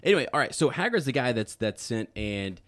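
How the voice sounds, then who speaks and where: A man's voice: medium pitch, very animated, brisk, a bit bright, no echo. A man co-hosting a podcast, chatting casually about a book and rambling with many fillers and restarts. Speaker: podcast co-host.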